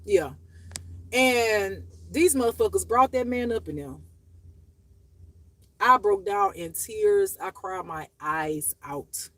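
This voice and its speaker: A woman's voice: mid-range voice, takes it slowly, pauses often, low-quality recording. A woman talking casually about her own life in a raw, profane, emotional and rambling way. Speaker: spiritual life teacher. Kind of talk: casual personal storytelling.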